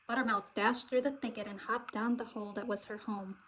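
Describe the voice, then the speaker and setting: A woman's voice: fairly high pitch, fairly quick, a little hiss or hum, poor audio. Woman reading a children's story aloud. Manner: expressive, dramatic storytelling. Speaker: storybook reader. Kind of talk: children's read-aloud narration.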